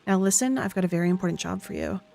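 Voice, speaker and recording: In a game, a woman voices a scraggly old woman who slyly coaxes and wheedles using folksy endearments. Her mid-range voice races along, gravelly yet warm, lightly acted over faint music.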